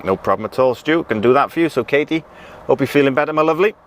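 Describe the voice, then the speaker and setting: A man's voice: medium pitch, fast talker. A man in casual chat from his truck, reading out viewer comments with lots of ums and restarts. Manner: relaxed, chatty, many ums and restarts. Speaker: truck driver vlogger. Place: in and around a truck. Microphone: action camera with pocket mic. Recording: faint outdoor vehicle noise.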